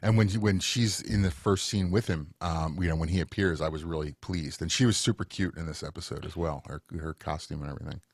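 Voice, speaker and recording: Deep-voiced American podcast co-host chatting. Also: male voice, a little fast, hardly any pauses, breathy edge, no room sound, studio quality. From United States. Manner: enthusiastic, rambling with fillers. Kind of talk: casual chat.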